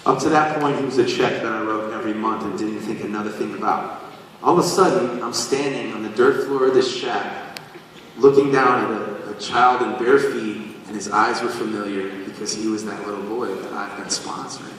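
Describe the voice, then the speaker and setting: A singer on stage telling the audience a personal story, animated and self-deprecating. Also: male voice, lowish voice, moderate pace, a little hiss or hum. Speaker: singer addressing a concert audience. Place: large concert venue. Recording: echoey live hall, taken from far off.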